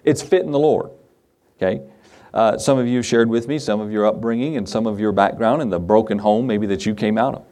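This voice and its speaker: A man's voice: lowish voice, a little fast, warm tone. A middle-aged man, a pastor, preaching a sermon in a folksy, conversational way with chuckling asides.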